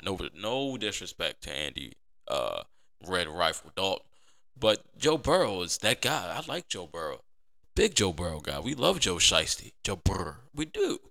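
A man with a low but bright, forceful voice hosts a football podcast. He talks in a loose, animated way and circles back on his points, repeating phrases to drive them home. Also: creaky. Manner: animated, conversational, repeats himself for emphasis. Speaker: podcast host. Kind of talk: casual sports commentary.

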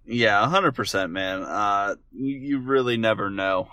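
A man co-hosting a podcast in laid-back casual chat, agreeable and prone to trailing off. His voice is bright and forward. It is recorded close and dry, with no room sound. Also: fairly low pitch, lively intonation, measured pace, clear, resonant tone, dry recording. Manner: easygoing and agreeable, trailing off with fillers. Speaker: podcast co-host.

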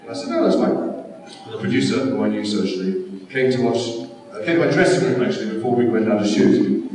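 A man's voice: lowish voice, a little fast, darkish tone. A man telling rambling, self-mocking stories as a guest on a convention panel, often breaking into laughter. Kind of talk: anecdotal storytelling. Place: large convention hall. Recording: echoey hall from far off.

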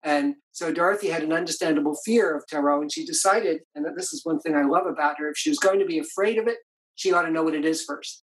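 An older male author, interviewed about his marriage, tells reflective anecdotes conversationally and with many restarts. His voice is a little high and quick, and the recording is rough.

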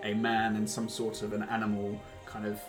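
A man's voice: fairly low pitch, completely flat delivery, normal speed. A man narrating as game master of a tabletop game, hesitant and rambling with many ums and uhs. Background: background music.

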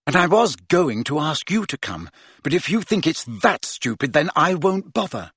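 Guy doing a bossy smart teen girl, pitched way up, brisk and pushy, dry sound. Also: very animated, a bit bright, breathy edge, no echo, heavily acted. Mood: huffy. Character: teenage girl, bossy and clever.

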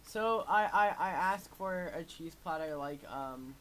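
Man, tabletop player, teasing, swooping pitch, bright sharp tone. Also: lively intonation, unhurried. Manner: playful, teasing. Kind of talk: tabletop game play.

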